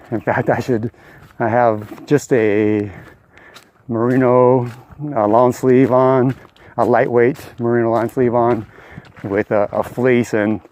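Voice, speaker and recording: An older man talks to the camera while out on a mountain trail, stringing a story together with plenty of pauses. His voice is mellow and dark, at a middling pitch. The feel is a casual, unscripted hiking vlog. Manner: rambling storytelling with many uh fillers. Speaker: thru-hiker vlogger.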